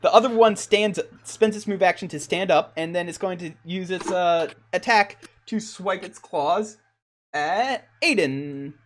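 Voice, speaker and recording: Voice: mid-range voice, moderate pace, hardly any pauses, a little hiss or hum. A laid-back dungeon master running a tabletop game over voice chat, often laughing. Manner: easygoing, breaks into laughter.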